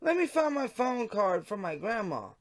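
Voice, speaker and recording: A man voicing a chatty teenage girl in an online chat, in a bubbly falsetto. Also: sing-song, normal speed. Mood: chirpy.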